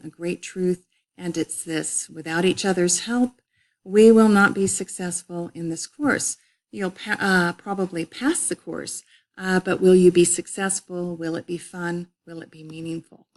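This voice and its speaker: A middle-aged woman teaches an online college English course with a lowish voice. She explains patiently, repeats key words, and often pauses on a filler as she moves through the course page. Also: steady tone. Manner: warm repetitive explanatory, frequent uh fillers. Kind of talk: recorded online course walkthrough.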